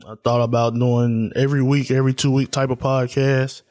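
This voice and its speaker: A man's voice: mid-range voice, level tone, brisk, darkish tone. A young man hosting his own podcast alone, talking loosely and candidly with lots of fillers in a subdued, reflective tone. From Tennessee. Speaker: podcast host. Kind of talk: solo casual podcast talk.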